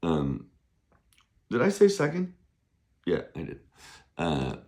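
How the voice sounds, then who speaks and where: A man teaching Mandarin in a casual online lesson, joking around, spelling out words and drawing them out slowly for learners to repeat. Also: rumbling low, sing-song, creaky, darkish tone. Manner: playful, jokey, sings to himself; slow, drawn-out model pronunciation. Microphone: camera on a desk.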